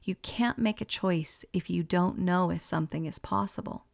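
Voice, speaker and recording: Creaky-voiced woman channeling spiritual messages. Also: fairly low pitch, normal speed. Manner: relays what she hears and sees, gentle and musing, laughs often.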